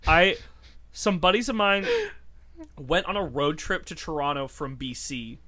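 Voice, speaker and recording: A man's voice: on the high side, unhurried. A man co-hosting a podcast, chatting casually and telling stories with lots of laughing, restarts and swearing. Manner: animated, laughing storyteller with frequent restarts and swearing. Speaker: podcast co-host. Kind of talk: casual chat.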